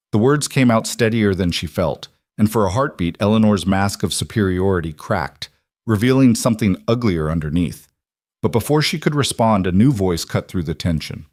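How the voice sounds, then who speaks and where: Low-voiced man narrating a story. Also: animated, moderate pace, darkish tone, no room sound, clean studio sound. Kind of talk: scripted narration.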